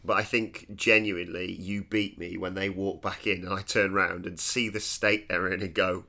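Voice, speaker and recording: Guy, a bit low, jokey table banter. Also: flat delivery, normal speed, vocal fry, hardly any pauses, bright, forceful tone. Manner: jokey, teasing. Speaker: player.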